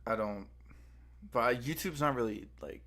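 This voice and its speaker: A man's voice: mid-range voice, measured pace, pushed and bright, a little hiss or hum. A young man co-hosting a stream, chatting casually in a laid-back, slangy way with lots of filler words. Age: young adult. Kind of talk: casual chat.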